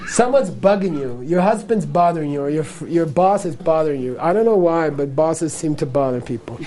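A man with a high voice gives a teaching talk on Buddhism to a live audience. He keeps it playful, repeats his points and acts out small exchanges. He laughs often as he explains. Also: animated, brisk, dark tone, slight background noise.

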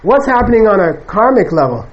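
Male Buddhist teacher, higher pitched, loose and animated lecture delivery. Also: fairly quick, breathy edge, muffled recording. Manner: conversational, animated, acts out quoted people. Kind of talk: casual spoken dharma lecture.

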